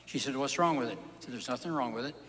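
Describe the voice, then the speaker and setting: A man telling stand-up jokes in a bright, forceful voice. His punchy delivery rings out with a long reverb in the hall, and faint room noise sits behind him. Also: medium pitch. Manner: punchy storytelling with quick asides. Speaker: stand-up comedian. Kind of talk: live stand-up joke telling.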